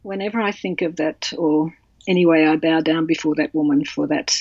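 A woman author telling a personal story in an interview, halting and emotional with many restarts. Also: low voice, little pitch movement, darkish tone, breathy edge, no echo. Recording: dull, dry sound.

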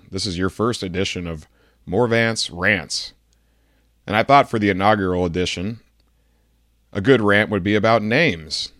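A man's voice: sits low, a bit bright, no room sound, clean studio sound. A man doing a comedic rant segment on a podcast, sarcastic and mock-indignant.

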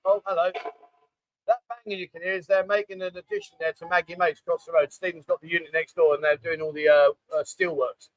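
A man's voice: fairly high pitch, flat delivery, fast, a little hiss or hum, low-quality recording. A man hosting a casual livestream from a bar, hungover, rambling and joking as he reads out viewer comments. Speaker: livestream host. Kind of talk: casual chat. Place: bar, indoors, construction banging nearby. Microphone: microphone.

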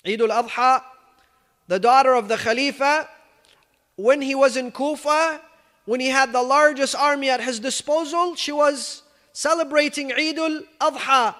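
A man with a very high voice tells a religious story in an emphatic sermon style, slipping Arabic phrases into his English. His voice carries a long reverb, as if he is speaking in a large hall. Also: fairly even intonation, measured pace, pushed and bright. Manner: emphatic storyteller, acting out quoted speech, rich in Arabic phrases.

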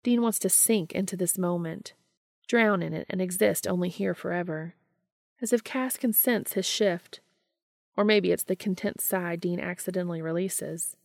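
Gravelly-voiced woman reading fiction softly. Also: on the low side, normal speed, no room sound, clean studio sound. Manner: soft, intimate reading with hushed, unvoiced dialogue. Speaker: fanfiction podcast reader. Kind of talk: narrated reading of fan fiction.

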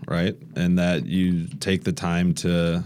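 A man from Nebraska, a podcast guest, talking in a relaxed, self-deprecating way and laughing easily. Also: sits low, slow pace, slight background noise. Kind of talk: casual interview chat.

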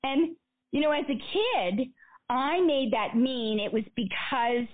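A woman guest speaker telling personal stories in an interview, earnest and animated. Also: sits high, slow pace. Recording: phone-like narrow band.

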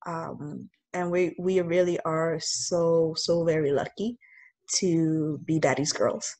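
A woman's voice: deep voice, takes it slowly. A young woman co-hosting a podcast, telling family stories in casual chat with lots of fillers. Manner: chatty, animated storytelling with many fillers. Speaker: podcast co-host.

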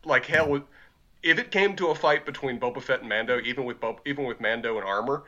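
A man co-hosts a casual podcast, weighing ideas in a thoughtful, measured and hedging way. His voice is bright and a little tense. The recording sounds dull and lo-fi. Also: mid-range voice. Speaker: podcast co-host. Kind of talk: casual chat.

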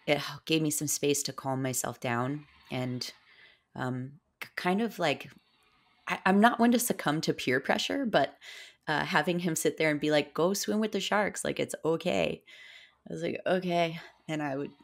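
Woman with a very low, gravelly voice. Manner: chatty, animated storytelling with many fillers. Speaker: podcast guest, breathwork facilitator. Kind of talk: casual interview storytelling.

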